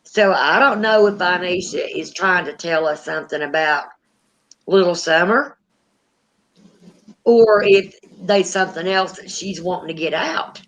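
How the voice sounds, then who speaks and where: A woman's voice: on the low side, unhurried, a bit bright, low-quality recording. A woman hosting a casual paranormal chat, animatedly retelling a story and acting out the quotes. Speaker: paranormal channel host.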